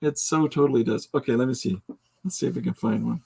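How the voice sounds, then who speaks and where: A man's voice: mid-range voice, fast, gravelly, warm tone, husky. A man hosting a casual livestream podcast, joking, laughing often and reading out viewer comments. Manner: jokey, tries out voices mid-talk. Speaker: podcast host.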